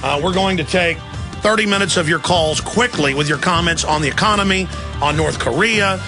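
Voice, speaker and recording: A man's voice: sits high, music in the background. A man hosting a talk radio show, delivering an emphatic, indignant monologue. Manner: emphatic, rapid-fire, indignant.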